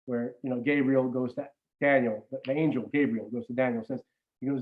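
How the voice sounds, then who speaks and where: A man's voice: mid-range voice, steady tone, fairly quick, phone-quality sound. A man chatting casually as a regular podcast guest, rambling with many restarts and some swearing. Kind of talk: casual chat.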